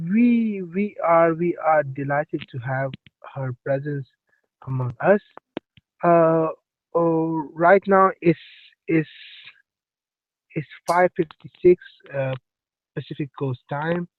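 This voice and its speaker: A man co-hosting a loose live-stream chat, his voice a touch high and coming through thin and phone-like. He stalls and repeats words as he talks, with a polite, dry-sounding delivery. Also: takes it slowly, pauses often, dry recording. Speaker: show co-host. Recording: tinny phone-like line, dry.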